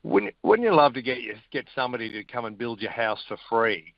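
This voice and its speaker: A man's voice: medium pitch, animated, fairly quick, no room sound, muffled recording. A middle-aged Australian man giving blunt, wry opinions as a weekly guest on a radio chat show.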